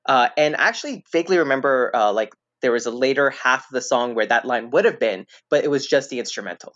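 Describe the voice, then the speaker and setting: A man chatting casually as a podcast guest, rambling and hesitant, restarting his sentences and filling pauses as he goes. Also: medium pitch, expressive, fairly bright tone, no room sound. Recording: dull lo-fi dry recording.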